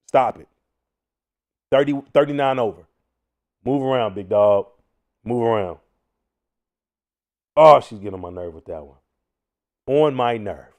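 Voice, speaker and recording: Host: young man, lively pitch swings, casual mocking commentary. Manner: loud, animated, mocking, slangy. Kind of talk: casual commentary on news clips.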